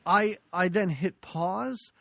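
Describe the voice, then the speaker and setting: A podcast co-host recaps a movie in a playful, self-mocking tone and laughs often. The voice sits at a middle pitch. It is recorded close and dry, with no room sound. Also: slow pace, gravelly, a bit bright, dry recording. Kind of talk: casual movie discussion.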